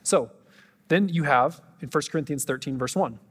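Husky-voiced pastor preaching in a hall. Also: male voice, on the high side. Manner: animated, joking asides, quick bursts. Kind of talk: sermon.

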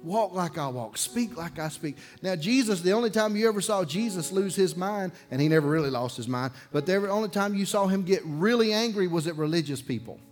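A man from preaching a sermon as pastor, telling a personal story with loud bursts and hushed low passages. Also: a little fast, hardly any pauses, soft background music. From Alabama.

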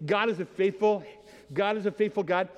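A male pastor delivers a sermon with a notably high voice. He builds from quiet storytelling to fervent, rolling declarations punctuated by hallelujahs. The sound carries a long reverb, as in a large church sanctuary. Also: steady tone, moderate pace, lo-fi sound. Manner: preaching with rising fervor and repeated hallelujahs.

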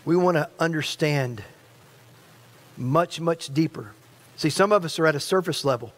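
A man's voice: a little high, normal speed. A male pastor preaching a sermon. He speaks straight to the congregation and often repeats or restarts his phrases. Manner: stirring preacher who addresses the congregation directly.

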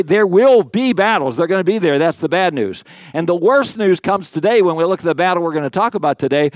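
Guy pastor preaching, chatty and jokey, keeps saying okay, kinda high voice, dry sound. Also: no echo. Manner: conversational, joking asides, frequent "okay". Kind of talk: sermon.

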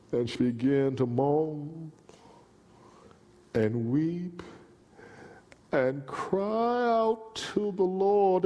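A male preacher tells a story at a very slow pace, drawing out each phrase. He swings from hushed tones to loud cries. A long reverb fills the big hall around him. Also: high-pitched. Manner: dramatic, swinging from hushed to shouting. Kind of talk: sermon storytelling.

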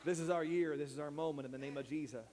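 High-voiced impassioned male preacher. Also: steady tone, quick pace, in a large hall, heavy background noise. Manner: impassioned preaching, building to shouts. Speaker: pastor. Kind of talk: sermon with altar call. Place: church sanctuary.

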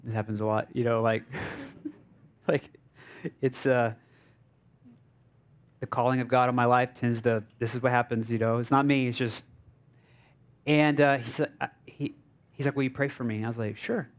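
A man's voice: medium pitch, level tone, normal speed, long pauses. A male pastor giving a conversational sermon, telling stories informally with frequent fillers and restarts. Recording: slightly dull lo-fi recording.

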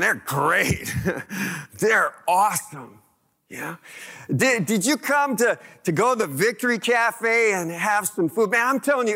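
A male pastor preaching a lively, conversational sermon, asking the congregation question after question. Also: high-pitched.

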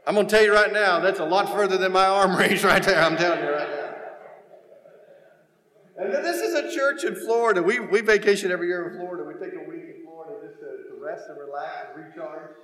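High-voiced man telling jokes. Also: fast talker, hardly any pauses. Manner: animated storytelling with quoted voices and punchlines. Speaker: guest speaker at a church. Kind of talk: comedic talk with slides. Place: large church sanctuary. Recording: echoey hall, faint noise.

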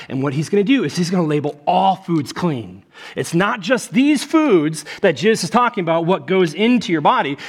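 A man preaching at a church service, his voice sitting a little higher than most men's. He keeps it loose and joking, tossing in "okay?" and "right?" to check on the congregation. When he quotes someone, he acts out their voice. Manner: conversational and joking, with frequent "okay?" and "right?" asides; animated, acting out voices when he quotes people. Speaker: pastor. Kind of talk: sermon.

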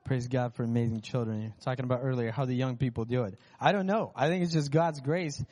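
A worship leader speaks fast in a mid-range, slightly mellow voice inside a large hall, his church sanctuary. Still recovering from losing his voice, he shares a candid, self-deprecating testimony with the congregation.

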